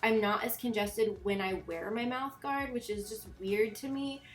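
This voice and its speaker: A woman's voice: fairly high pitch, normal speed, echoey room. A young woman vlogger chatting casually in a voiceover, congested and a bit nasal, rambling with lots of fillers.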